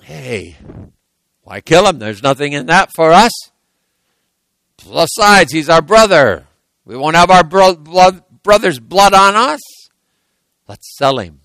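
A man's voice: fairly high pitch, big pitch swings, slow, pauses often, a bit bright, no echo, heavily acted, poor audio. Jealous scheming brothers, voiced by a man, taunting and cold. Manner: sneering, mocking. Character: resentful scheming older brothers.

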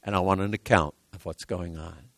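A preacher voicing an older father quietly giving his son instructions. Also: sits low, fairly even intonation, normal speed, vocal fry, dry recording, clean studio sound, voice pushed down. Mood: calm instruction. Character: older father, calm and commanding.

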